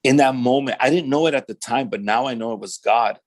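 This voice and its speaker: In a podcast interview, a pastor with a mid-range male voice tells his life story a little fast. He uses loose street slang, often says "man," and animatedly acts out the lines of the people he quotes.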